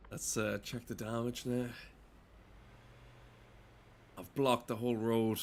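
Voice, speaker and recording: A man's voice: medium pitch, normal speed, hardly any pauses. A man giving rambling, casual gameplay commentary, swearing freely. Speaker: gaming streamer. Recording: steady game engine noise behind.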